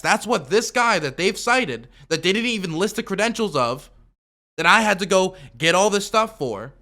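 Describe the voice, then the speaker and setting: A man's voice: sits high, lively intonation, normal speed, pushed and bright. A man streaming a reaction to a video, arguing point by point and stacking up objections in loose, filler-heavy talk. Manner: argumentative, rebutting with repeated objections; loose, full of fillers and restarts. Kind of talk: commentary.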